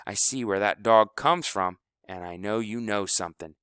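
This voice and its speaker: A man's voice: on the low side, moderate pace, a bit bright, smooth, dry recording, clean studio sound, close to an everyday voice. A man reading a story aloud, voicing a pushy, talkative boy who pesters and insists. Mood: pestering.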